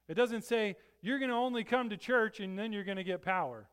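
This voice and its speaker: A middle-aged pastor preaches with an easygoing, chatty manner, leaning on rhetorical "right?" asides. His voice sits notably high for a man. Every so often he pushes into loud, emphatic bursts. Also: normal speed, few pauses, clean tone. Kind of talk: sermon.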